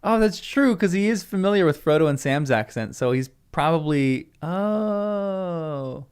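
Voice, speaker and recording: A man's voice: on the high side, expressive, measured pace, smooth. An American man reading a fantasy novel aloud for his channel, stopping to muse and laugh in casual commentary. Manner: chatty, laughs often, muses out loud. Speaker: channel host reading a book. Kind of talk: read-along with casual commentary.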